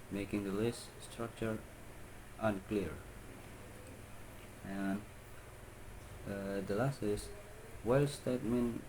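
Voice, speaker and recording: A young male student reads his pronunciation analysis aloud, very slowly and in a fairly low voice. He halts often, filling pauses and restarting phrases, and a faint hiss sits behind him. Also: a little mellow, rough recording. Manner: halting, with fillers and restarts.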